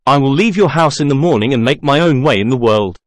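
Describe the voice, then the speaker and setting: A man's voice: medium pitch, animated, quick pace, dry recording, clean studio sound, lightly acted. A man reading the part of a proud young man who answers in a stiff, defiant way.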